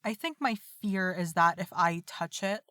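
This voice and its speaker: A woman's voice: on the low side, normal speed, a bit bright, dry recording, studio quality. A woman playing a tabletop game, talking hesitantly with many fillers. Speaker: player. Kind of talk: casual tabletop play.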